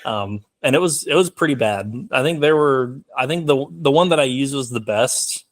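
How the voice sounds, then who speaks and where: A man's voice: medium pitch, normal speed. Rambling young man, filler-heavy. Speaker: filmmaker guest. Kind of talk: casual interview chat.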